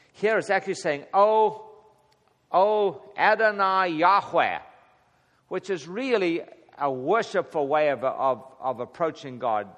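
A man teaching a casual Bible study to a small group, chuckling often and acting out the prayers he quotes. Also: medium pitch. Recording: long hall reverb.

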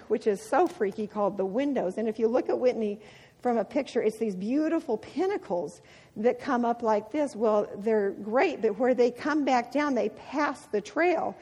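With a slightly high voice and a measured pace, a middle-aged woman speaks at a women's ministry devotional. Her talk is packed with lively personal stories and frequent laughter, and the hall gives it a long reverb.

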